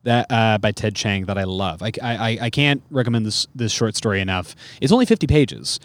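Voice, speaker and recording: A man's voice: lowish voice, animated, brisk, no echo. A man who is a comedian guest on a podcast, talking casually with lots of fillers and restarts. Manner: rambling, many fillers.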